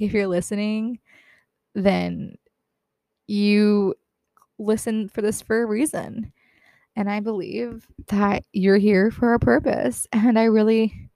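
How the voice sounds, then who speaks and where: A teenage girl hosting her own talk, speaking earnestly and softly, tired and a little teary, often laughing at herself. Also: medium pitch, vocal fry, dry recording, studio quality. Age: teens. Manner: earnest, self-deprecating, laughs often, soft-spoken. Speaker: podcast host. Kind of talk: personal reflective talk.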